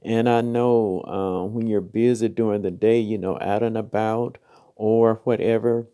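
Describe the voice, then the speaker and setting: Woman host, late-night devotional talk, mellow and drowsy, tender and rambling. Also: extremely low pitch, steady tone, a little slow. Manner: tender, affectionate, rambling with repeated "oh, yes". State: half sleepy. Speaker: podcast host and spiritual encourager.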